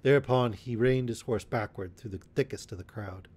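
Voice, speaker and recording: A man narrating an old adventure novel aloud as a calm bedtime story, in a steady, measured reading. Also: medium pitch, husky.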